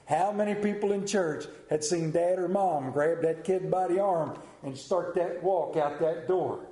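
A man's voice: sits high, warm tone. A man preaching a sermon and leading a prayer, earnest, with self-deprecating asides. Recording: roomy echo.

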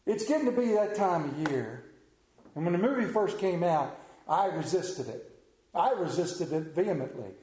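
Mellow-voiced preacher in an echoey room. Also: male voice, fairly high pitch, moderate pace. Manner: animated storytelling, drops to a hushed voice for emphasis. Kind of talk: sermon with storytelling.

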